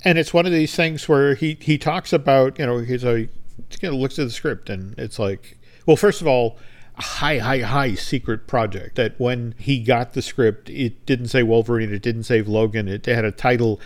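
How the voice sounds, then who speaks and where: This is a man at a typical middle pitch, co-hosting a podcast. He talks in a relaxed, conversational way as he recounts a long anecdote, slipping into brief acted-out lines whenever he quotes someone. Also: moderate pace. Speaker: podcast co-host. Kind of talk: casual storytelling chat.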